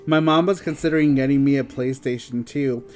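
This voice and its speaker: A man's voice: mid-range voice, fairly quick, darkish tone, faint music behind. Giggly young man in casual chat. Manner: prone to fits of giggling. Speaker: podcast co-host.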